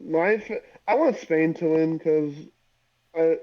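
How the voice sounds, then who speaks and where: A man's voice: on the high side, slow pace. Young man on a dull lo-fi mic. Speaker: podcast co-host. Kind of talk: casual sports chat.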